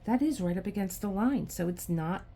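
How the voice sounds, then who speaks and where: A woman's voice: medium pitch, expressive, normal speed, noisy background. A middle-aged woman hosting a craft video, chatting casually to the camera and talking to herself in frustration as she works.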